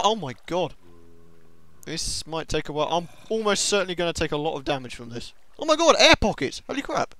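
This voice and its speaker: A young man giving excitable let's-play commentary on a game, talking to himself and to the monsters. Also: fairly high pitch, normal speed. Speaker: gaming video host.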